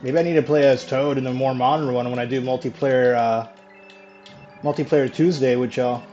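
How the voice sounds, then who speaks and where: A man's voice: mid-range voice, fairly even intonation, normal speed, dark tone. A man streaming a video game live, chatting casually with viewers, swearing now and then and laughing easily. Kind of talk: casual live gameplay chat. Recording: dull lo-fi mic with faint music.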